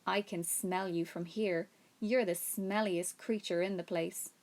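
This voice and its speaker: A woman's voice: on the low side, steady tone, a little slow, a little mellow. A woman reading a storybook aloud, voicing a rude young lamb in a blunt, mocking way.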